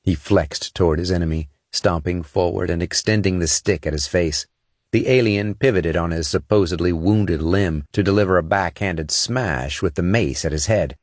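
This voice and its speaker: Low voiced guy reading a fight scene audiobook, dry close mic. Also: normal speed, no echo. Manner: steady, dramatic action reading. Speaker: narrator. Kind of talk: scripted audiobook narration.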